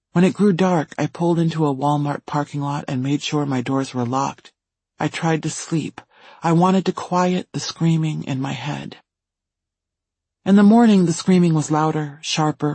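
Man for steady first-person audiobook narration, husky, slightly high voice. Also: no room sound.

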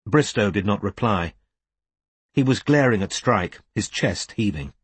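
A man narrating an audiobook in a calm, measured way. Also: lowish voice, husky, no room sound. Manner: calm, measured storytelling, slows at quiet moments. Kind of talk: scripted narration.

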